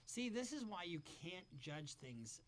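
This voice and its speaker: A man's voice: sits high, big pitch swings, measured pace, fairly bright tone. A man hosting casual reaction commentary, talking bluntly and profanely as he thinks aloud. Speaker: commentary host.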